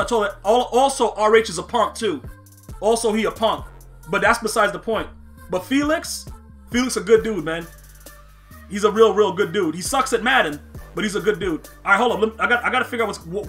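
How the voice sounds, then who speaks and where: A man streaming a football video game, excitable and trash-talking, shouting at plays and chatting with his viewers. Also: high-pitched. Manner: chats with viewers while playing. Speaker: gaming streamer. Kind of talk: live gameplay commentary.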